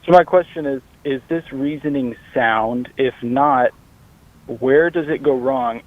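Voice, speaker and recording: A man's voice: mid-range voice, no room sound. Caller guy on a thin phone line, earnest, kinda formal. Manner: earnest, formal, reads out an argument. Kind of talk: phone call to radio show.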